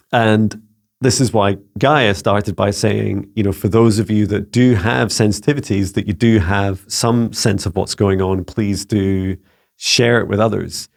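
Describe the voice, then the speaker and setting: A gravelly, slightly mellow man's voice on the low side belongs to a Scottish channel host who mentors people spiritually as a psychic. His casual talk is musing and searching, thick with "you know" and "um."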